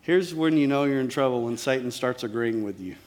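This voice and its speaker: Male pastor, sermon, emphatic yet chatty, average pitch, sinks to soft lows. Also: a little fast. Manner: emphatic, conversational, drops to quiet lows.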